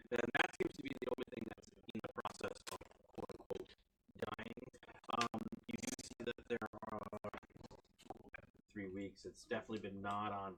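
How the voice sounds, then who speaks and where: Guy running a d&d game, rambly and animated, bit of background noise. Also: on the low side, gravelly, recorded from a distance. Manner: rambling and animated, many restarts. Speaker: dungeon master. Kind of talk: narrating a tabletop game.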